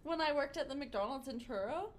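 A woman's voice: high-pitched, lively intonation, fairly quick, a little hiss or hum. A young woman co-hosting a podcast, telling work stories in casual chat and laughing through the punchlines. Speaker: podcast co-host.

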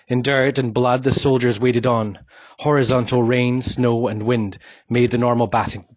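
Man, audiobook narrator, husky voice, solemn measured reading, dull lo-fi sound, dry. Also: mid-range voice, no room sound. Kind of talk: scripted narration.

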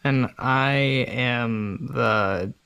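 Slow-talking man co-hosting a chat. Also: medium pitch, creaky, pushed and bright, clean tone, dry recording. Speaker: podcast co-host. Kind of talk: casual chat. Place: home recording room.

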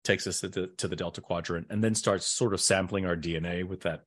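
A man's voice: low-pitched, fast talker. A middle-aged man, an actor, telling stories in a casual interview and acting out the voices of people he quotes. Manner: animated, acts out quoted voices. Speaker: actor and guest.

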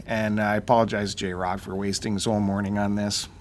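A man on a casual talk show, telling a long story in an animated, ranting way and acting out the people in it. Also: fairly low pitch, a little fast, slight background noise. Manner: animated, ranting, acts out quotes.

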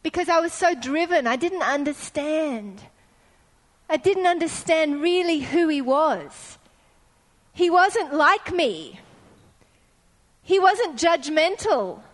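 Middle-aged woman preacher with a high voice, earnest storytelling sermon style, repeating phrases for emphasis, long echo of a church hall.

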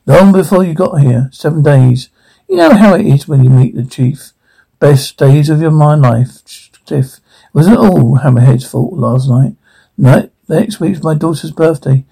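A man speaking TV drama dialogue in a weary, gruff way, with a gravelly, husky voice. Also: fairly high pitch, dark tone, full character voice.

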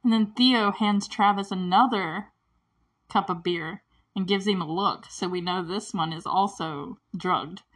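A movie reviewer casually recaps a film's plot, chatty and giggly and constantly saying "like." She speaks a little slowly in a fairly bright, mid-range voice, and she sounds a bit distant from the mic.

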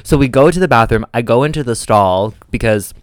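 A man's voice: mid-range voice, fairly quick, no echo. A young man co-hosting a podcast, telling a story in casual chat and acting out the voices of the people in it. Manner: animated storyteller who acts out quoted voices. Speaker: podcast co-host.

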